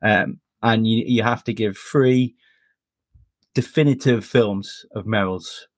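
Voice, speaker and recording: A man's voice: lowish voice, slow pace, dry recording, clean studio sound. A British man co-hosting a podcast, chatting casually with a wry, teasing manner. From Britain. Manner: wry, teasing, joking delivery. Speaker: podcast co-host. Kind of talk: casual chat.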